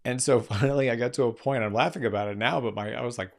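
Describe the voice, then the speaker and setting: A man's voice: medium pitch, fast, creaky. Earnest man telling a live story. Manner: earnest, emphatic, frequent restarts. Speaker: keynote speaker and executive coach.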